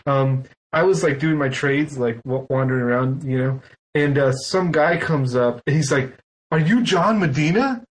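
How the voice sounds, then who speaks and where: A man on a podcast, telling a relaxed anecdote with lots of "like" and "um". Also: medium pitch, moderate pace, rough recording. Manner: easygoing anecdotes with filler and restarts. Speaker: podcast co-host. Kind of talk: casual podcast banter.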